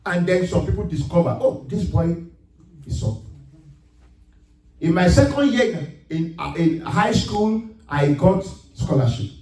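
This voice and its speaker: A man preaching a sermon in a high, lively voice that rises to emphatic shouts on the scripture. The sound is roomy and echoing, picked up from some distance in a church hall. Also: measured pace. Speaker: pastor. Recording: echoey room, mic at a distance.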